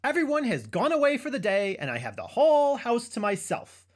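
A woman's voice: on the high side, huge pitch swings, brisk, a little mellow. A woman voicing a grumpy chipmunk in a children's puppet comedy who just wants a nap, with a cranky, exasperated way of talking. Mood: excited. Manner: cranky and exasperated, sighing complaints.

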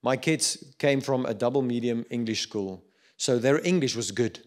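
A middle-aged pastor with a South African accent preaches a sermon in a mid-range voice at normal speed. He alternates between loud urging and quiet reflection.

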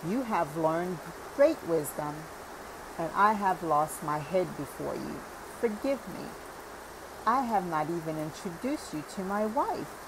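A woman's voice: fairly low pitch, animated, measured pace, noisy background. A woman reading the part of an eager, hospitable old man who fusses over his guest and keeps apologizing. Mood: apologetic. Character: eager, fussing cheerful old man, younger brother.

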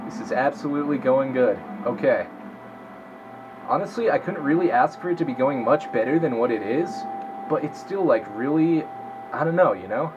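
A young man with a mid-range voice does casual let's-play commentary, swearing a lot and talking to himself as he plays. His intonation is lively and his pace moderate. The recording is muffled, with background noise.

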